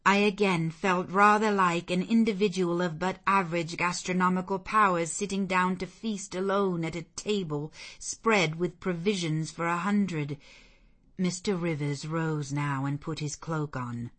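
A woman narrating a classic novel in a measured, steady reading. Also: fairly low pitch. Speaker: audiobook narrator.

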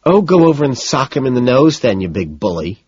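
A man's voice: medium pitch, sing-song, darkish tone, husky, no room sound, muffled recording, voice pushed up. A man reading an audiobook voices a chatty, exasperated wealthy young woman who scolds and gossips. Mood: scolding. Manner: gossipy, scolding, quick to dismiss.

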